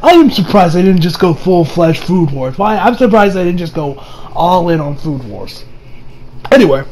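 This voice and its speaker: A young man casually recapping an anime episode, rambling and excitable, often breaking into laughter. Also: high voice, moderate pace, a little hiss or hum, rough recording. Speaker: anime reviewer.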